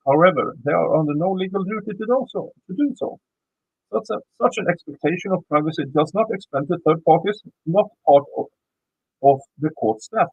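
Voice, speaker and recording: A man's voice: fairly high pitch, vocal fry, slightly rough, no room sound, narrow, tinny audio. A man with a Swedish accent reading a legal motion aloud and commenting on it, often stumbling and repeating words as he reads. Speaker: YouTube commentator.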